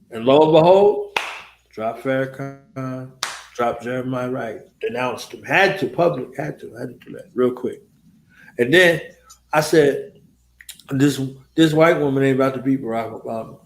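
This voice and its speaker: A man hosting a casual chat, telling animated, boastful and profane stories and acting out the people he quotes. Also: mid-range voice, reverberant, slight background noise. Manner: animated storytelling, acts out quoted voices. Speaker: host.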